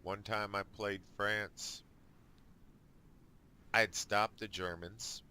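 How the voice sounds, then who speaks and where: A man with a very low, bright-edged voice talks through his strategy game in a casual let's play. He thinks aloud at an unhurried pace and drops dry little jokes as he goes. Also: steady tone, a little hiss or hum. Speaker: gamer.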